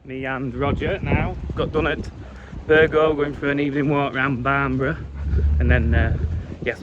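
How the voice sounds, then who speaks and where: A man's voice: mid-range voice, muffled recording, very noisy. A young man, a farmer, chatting casually while walking his fields and calling to his dog. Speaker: farmer vlogger. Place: outdoors in windy farm fields.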